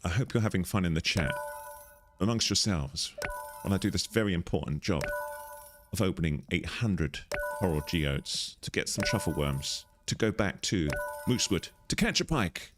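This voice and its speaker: Deep-voiced guy streaming a game, bouncy lively delivery, goofy and chatty. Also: moderate pace, noisy background. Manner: chatty, playful, talks through what he is doing. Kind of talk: casual live-stream chat while gaming.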